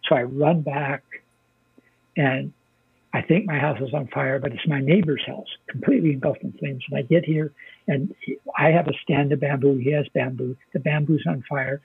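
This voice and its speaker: A man's voice: mid-range voice, steady tone, normal speed, creaky, breathy edge, no room sound. An older American man, a military veteran, telling his story as an interview guest in a plainspoken way, swearing freely. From United States. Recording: dry, phone-like narrow sound.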